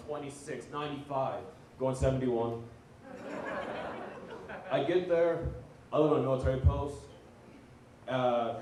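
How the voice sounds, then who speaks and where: A man's voice: medium pitch, darkish tone, recorded from a distance. A young man doing his first stand-up comedy set, brash and heavy on profanity. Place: student comedy night venue. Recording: very echoey room, mic heard from afar, faint noise.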